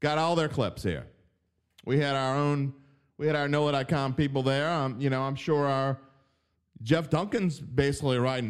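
A man's voice: mid-range voice, fairly even intonation, normal speed, clear, resonant tone. A man from Southeast Louisiana with a New Orleans accent, hosting a sports podcast in a wry, joking way that often corrects itself. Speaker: podcast host, sports betting writer.

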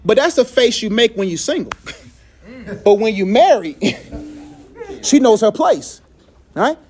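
A man leading a casual faith talk with a group, telling stories in a lively way, acting out voices in quotes and laughing often, with loose phrasing full of "like". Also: high-pitched, slow. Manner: animated storyteller who acts out quotes, laughs often; loose conversational phrasing with many "like"s.

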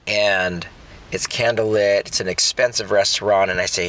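A man's voice: on the low side, steady tone, normal speed, fairly bright tone. A middle-aged man preaching a sermon in a conversational way, often repeating words while he thinks. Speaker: pastor.

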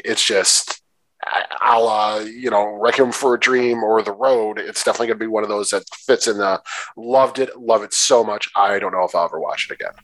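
A man's voice: lowish voice, no room sound, poor audio. Man co-host with a dry close sound. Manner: animated, profane, jokey asides. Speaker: podcast co-host. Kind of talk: casual film discussion podcast.

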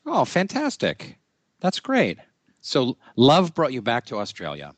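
A man's voice: mid-range voice, huge pitch swings, unhurried, dry recording. A middle-aged man hosting an interview over a video call, playful and jokey as he talks. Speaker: podcast host.

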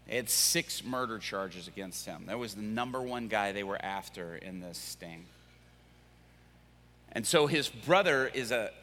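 A male pastor preaching, telling a story with lively acted-out quotes. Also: medium pitch, a little hiss or hum. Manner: animated, acts out quoted voices. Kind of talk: sermon storytelling. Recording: echoey hall.

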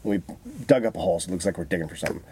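Low-voiced man telling wild stories. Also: racing, slightly rough. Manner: profane, animated storyteller. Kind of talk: casual storytelling.

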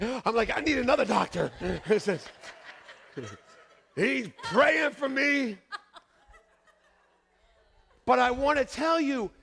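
Male pastor, middle-aged, storytelling sermon; high, lively voice with gravel, long hall reverb. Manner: animated, acts out voices with shouts and laughs. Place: church sanctuary.

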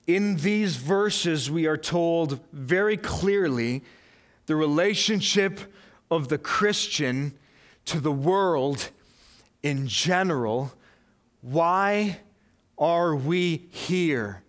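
A man's voice: on the high side, slow. A male pastor preaching a sermon, earnest and emphatic, building his points through repeated questions.

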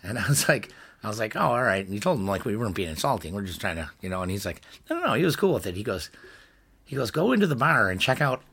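A man's voice: on the low side, big pitch swings, fast, a bit bright, husky. A young man from the Niagara Falls area telling a dinner story in casual podcast chat, laughing often and acting out quotes. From Niagara Falls area, New York. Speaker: podcast co-host.

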